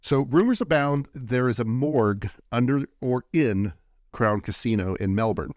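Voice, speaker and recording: A man's voice: mid-range voice, expressive, moderate pace, a little mellow, no echo, clean studio sound. A man hosting a casual podcast, easygoing and steering the chat toward the next story. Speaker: podcast host leading the segment.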